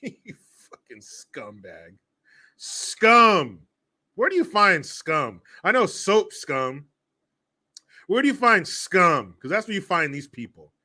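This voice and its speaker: A male host riffing through profane commentary, his higher voice swooping all over with a bright ring. He talks slowly, laughing and cursing in a sarcastic, animated way.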